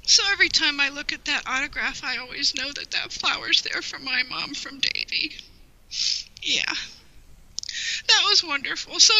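A woman guest sharing a heartfelt personal memory in an interview, rambling warmly with many "you know"s and close to tears at times. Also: high voice, normal speed, dry recording, low-quality recording. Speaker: guest, longtime fan.

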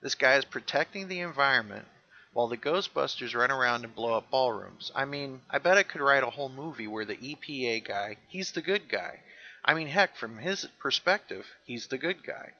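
On a casual podcast, a male co-host recaps a show, animatedly retelling scenes and jumping into character voices when quoting lines. His voice is medium-pitched and a little fast, and the recording sounds lo-fi.

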